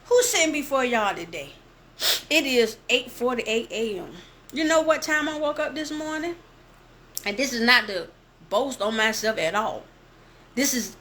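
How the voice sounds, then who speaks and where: A woman reading scripture aloud and preaching with passion, speaking straight to her listeners and slowing down to stress key phrases. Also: on the high side, fairly bright tone, slight background noise. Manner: impassioned, addresses listeners directly. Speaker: bible teacher.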